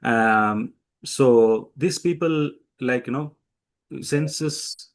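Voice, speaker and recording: A man's voice: mid-range voice, extremely slow. A man teaching scripture in a devotional talk, telling stories animatedly with frequent fillers, restarts and acted-out quotes.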